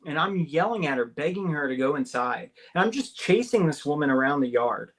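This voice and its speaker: A man with a somewhat high voice tells a personal story as a guest on a talk radio show. He talks excitedly, with constant fillers and tag questions, and his pitch leaps up whenever he acts out what someone said. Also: brisk. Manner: acts out the quoted voices, jumping higher for them. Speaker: guest recounting an abduction experience. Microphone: call-in or studio mic on a talk radio show.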